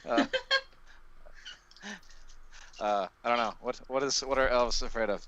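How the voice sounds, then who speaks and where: A man's voice: medium pitch, fairly even intonation, unhurried, muffled recording, heavy background noise. A man playing a tabletop game, talking casually and hesitantly, with many uhs. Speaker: player.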